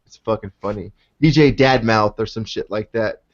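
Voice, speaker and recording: A man's voice: lowish voice, moderate pace, dull audio. A man hosting a casual podcast chat over a video call, laid-back and swearing freely, often tagging his sentences with "man". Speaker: podcast host.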